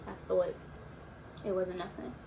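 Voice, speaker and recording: A young woman in her early twenties chatting casually as a YouTuber, telling a storytime in a relaxed, slangy way with drawn-out asides. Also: lowish voice, background noise. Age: young adult.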